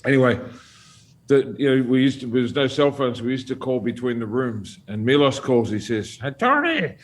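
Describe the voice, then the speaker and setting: This guest storyteller, a middle-aged man with a mid-range voice, talks at a normal speed. Seated at a relaxed round table, he recounts an old tale with plenty of profanity and laughter, staying lively throughout.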